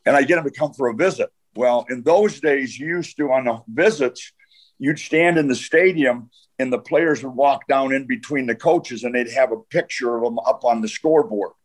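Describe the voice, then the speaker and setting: A man's voice: mid-range voice, moderate pace. An older man, a retired coach, telling long anecdotes in a podcast interview, full of "uh" and restarts. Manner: rambling anecdotes with frequent "uh" and restarts. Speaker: guest, retired football coach.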